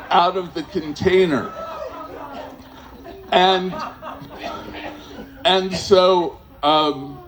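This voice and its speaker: A man spins a loose, rambling story for a live crowd, drawing it out at an unhurried crawl. His voice sits a touch high for a man, and he stops, restarts and chuckles his way through each turn of the tale. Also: slight background noise. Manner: rambling, halting, full of fillers and restarts.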